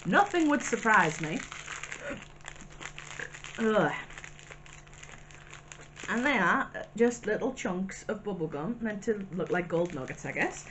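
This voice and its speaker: A woman's voice: mid-range voice, lively intonation, takes it slowly, long pauses, a bit bright, slight background noise. Chatty woman reviewing snacks. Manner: chatty and wry, with asides. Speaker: vlogger. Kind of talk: casual snack review vlog.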